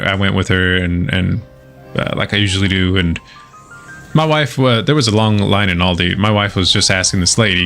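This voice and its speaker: A middle-aged man with a low, gravelly voice chats loosely while streaming a game. He rambles through stories, cursing freely and stumbling over restarts. Faint game music plays behind him. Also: fairly bright tone. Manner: rambling storyteller, swears freely, halting restarts. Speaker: gaming streamer. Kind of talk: casual livestream chat over gameplay.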